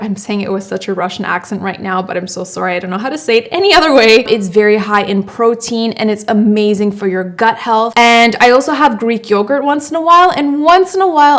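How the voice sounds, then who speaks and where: Young woman vlogger, chatty, emphatic, mid-pitched everyday voice, casual Q&A. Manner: chatty and emphatic, repeats words for stress. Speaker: beauty vlogger host. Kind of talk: casual Q&A vlog.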